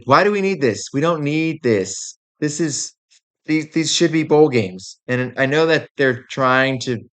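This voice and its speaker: A man's voice: on the low side, fairly bright tone. A young man hosting a sports show, ranting in a casual, exasperated way with lots of fillers. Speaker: podcast host. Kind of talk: opinionated sports rant.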